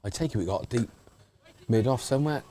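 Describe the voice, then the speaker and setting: A man's voice: medium pitch, animated, quick pace. An English man doing casual, banter-filled live cricket commentary outdoors at a ground. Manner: chatty, banter-filled, shouts out to people. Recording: faint background noise.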